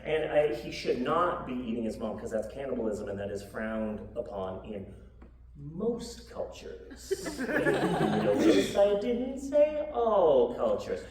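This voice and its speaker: A woman comedian doing a lively live storybook reading, with joking asides and coaxing the audience to join in. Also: extremely low pitch, takes it slowly. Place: live show venue with audience. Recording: echoey room, far mic, audience noise.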